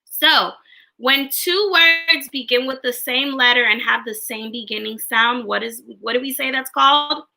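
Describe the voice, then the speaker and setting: A woman teaching a livestreamed phonics lesson to young children, in a slow, sing-song way. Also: high-pitched, gravelly, sharp tone. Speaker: kindergarten teacher.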